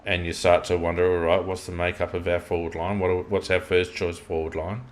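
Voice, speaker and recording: A man's voice: low-pitched, flat delivery, brisk. An Australian man co-hosting a football podcast, talking in an opinionated, rambling way with restarts. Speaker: podcast co-host. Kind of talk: casual football chat.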